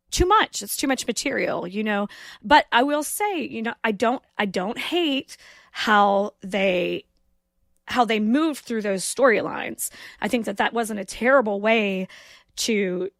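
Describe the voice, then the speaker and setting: A woman's voice: medium pitch, creaky, a bit bright, no room sound, clean studio sound. A woman from the American South co-hosting a podcast, chatting emphatically about a film and repeating her points. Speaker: podcast co-host. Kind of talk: casual film discussion.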